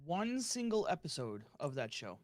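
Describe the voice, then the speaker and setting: Male podcast co-host, high animated voice, giggly and stammering, dry close sound. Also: normal speed, dry recording. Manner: laughs easily, hesitant stammering. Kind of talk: casual podcast chat.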